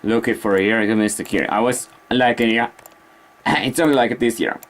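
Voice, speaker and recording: A man talking casually to his vlog audience, rambling and halting as he searches for words. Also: medium pitch. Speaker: vlogger.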